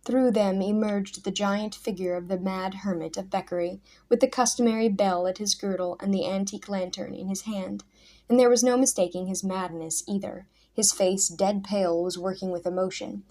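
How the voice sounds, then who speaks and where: Woman storyteller, mid-pitched, measured expressive audiobook reading.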